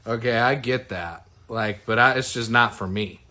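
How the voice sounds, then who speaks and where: A man's voice: medium pitch, normal speed, pushed and bright. A man with an everyday mid-range voice, hosting a podcast in casual chat. He cracks crude jokes and teases his co-host. His tone stays loose and playful.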